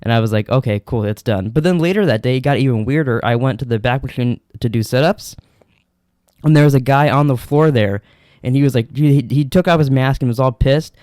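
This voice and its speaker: A man's voice: medium pitch, brisk, darkish tone, no room sound, clean studio sound. A young man co-hosting a podcast, telling rambling, profane stories in casual chat. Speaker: podcast co-host.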